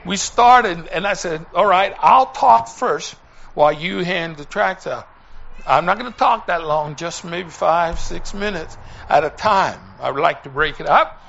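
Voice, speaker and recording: A man preaching a sermon full of storytelling, animated, rising to shouts and slowing for emphasis. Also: a little high, creaky, slight background noise. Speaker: missionary preacher. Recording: dull lo-fi recording.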